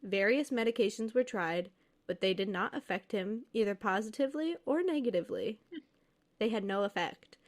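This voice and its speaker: A woman's voice: mid-range voice, lively intonation, moderate pace. A woman podcast co-host reading listener stories aloud, then joking and laughing with her co-host. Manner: reads steadily, then jokes and laughs freely.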